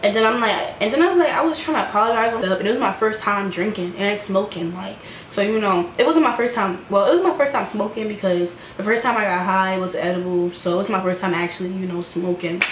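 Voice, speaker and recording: A young woman at a mid pitch chats through a storytime vlog, peppering every line with "like" and laughing at herself. She acts out the voices of the people in her story. Her voice rings in an echoey room over a faint hum of background noise. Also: a little fast. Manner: chatty, fillers of "like", laughs at herself, acts out the quoted lines. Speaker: vlogger telling a personal story. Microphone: camera microphone.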